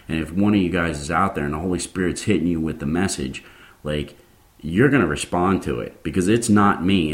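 A man preaching a sermon, speaking informally to his listeners and growing impassioned as he goes. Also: a bass voice. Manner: grows impassioned and fired up.

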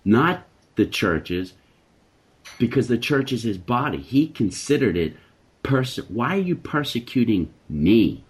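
A man's voice: medium pitch, very animated, measured pace, husky. A man hosting a Christian talk discussion, speaking in an emphatic, preacherly way and repeating phrases for force. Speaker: Christian talk show host.

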